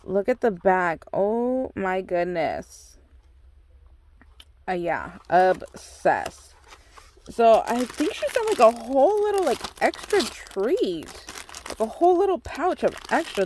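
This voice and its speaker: A woman hosting a craft channel, opening a swap package and gushing over every piece with constant exclamations. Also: medium pitch. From United States. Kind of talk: excited unboxing chat.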